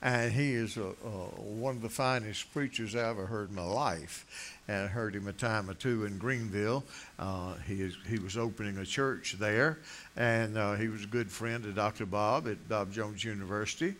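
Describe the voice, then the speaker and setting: A man's voice: lowish voice, normal speed, fairly bright tone, a little hiss or hum. Folksy older preacher man. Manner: rambling, joking, with many uh fillers and restarts. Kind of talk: folksy sermon.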